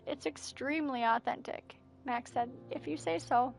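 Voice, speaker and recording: A woman's voice: high voice, steady tone, moderate pace, vocal fry, fairly bright tone, soft background music. A woman streaming a game and reading its messages and journal entries aloud as narration, with breathless asides. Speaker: gameplay streamer. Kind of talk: reading game texts aloud during a playthrough.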